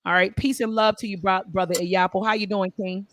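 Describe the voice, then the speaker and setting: A woman's voice: mid-range voice, fairly even intonation, fairly quick, background noise. A woman hosting a live-stream book club discussion, speaking with passion and a preacher-like cadence that repeats phrases. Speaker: host.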